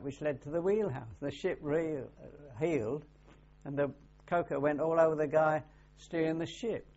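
A man's voice: a little high, darkish tone. An older man, a naval veteran, answering questions in an oral history interview with dry humor. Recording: dull lo-fi recording.

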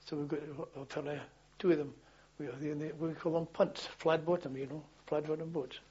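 Older man, halting and husky. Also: fairly high pitch, flat delivery, a little mellow, dull audio. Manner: halting, rambling with restarts and chuckles. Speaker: interviewee, former policeman. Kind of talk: oral history storytelling.

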